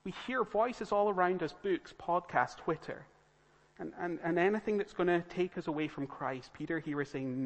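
A man's voice: high voice, moderate pace. A man preaching a sermon, earnest and pleading, building to urgent appeals to his listeners. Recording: long reverb of a church hall.

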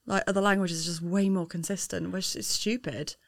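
A woman's voice: lowish voice, steady tone, a little fast, gravelly, no echo, studio quality. A woman co-hosting a podcast, chatting frankly, swearing casually and laughing easily. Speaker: podcast co-host. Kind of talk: casual chat.

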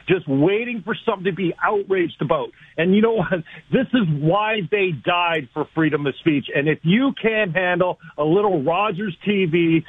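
A man's voice: sits high, breathy edge, no echo. A man co-hosting a radio show, arguing and ranting in a heated debate. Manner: argumentative, ranting, teasing. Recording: tinny phone-like radio audio.

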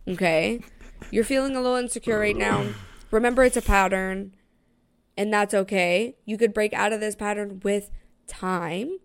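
A woman's voice: mid-range voice, steady tone, moderate pace, vocal fry, clear, resonant tone. Blunt, reassuring podcast co-host woman. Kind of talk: casual chat.

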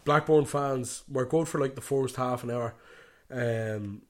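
A man's voice: mid-range voice, unhurried. A young Irish man with a Dublin accent, co-hosting a casual chat and telling stories with laughs, acting out what people said. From Ireland. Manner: laughing storyteller acting out quotes. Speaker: podcast co-host.

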